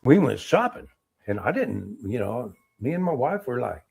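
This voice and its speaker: A middle-aged man, an Army veteran, telling war-era stories in a casual interview, animated and acting out what people said. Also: medium pitch, moderate pace, gravelly, husky. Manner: animated storyteller, acts out quotes, laughs.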